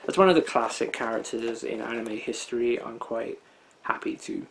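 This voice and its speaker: A man's voice: medium pitch, moderate pace, a little hiss or hum. A young man talking casually through his collection haul, rambling with lots of fillers and frequent chuckles. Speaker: anime collector showing a disc haul.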